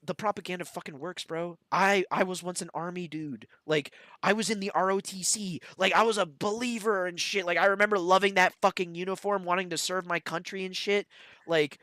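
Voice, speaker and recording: A man in his twenties from the United States, chatting casually as a podcast host, rambling with lots of filler words and swearing, and getting fired up and loud when he rants. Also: high-pitched, steady tone, brisk, dry recording. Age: 20s. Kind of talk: casual chat.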